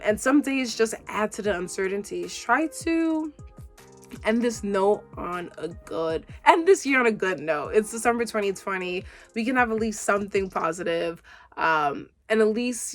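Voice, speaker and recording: A woman with a slightly higher voice gives a casual, motivational vlog talk. She sounds upbeat and encouraging, and chats loosely with plenty of laughs. Soft music plays faintly underneath her. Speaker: vlogger.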